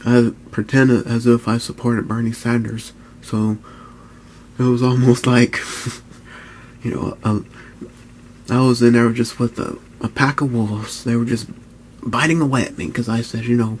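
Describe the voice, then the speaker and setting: A man speaks earnestly and candidly about his own experience, circling back to the same phrases and leaning on "you know". His voice sits in an ordinary middle pitch. A faint hiss of background noise runs under it. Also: steady tone, normal speed, low-quality recording. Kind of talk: candid personal account.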